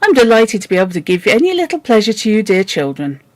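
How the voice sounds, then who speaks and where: A woman's voice: sing-song, fast talker, no room sound, close to an everyday voice. A woman voicing a cross middle-aged lady who scolds shrilly and later gushes kindly. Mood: sweetly kind. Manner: shrill scolding, then gushing.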